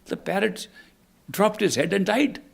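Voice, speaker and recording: A man voicing a male sage who anxiously asks questions, his voice gravelly and husky, rising on each question. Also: high voice, animated, a little slow, voice pushed up, exaggerated voice. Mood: troubled.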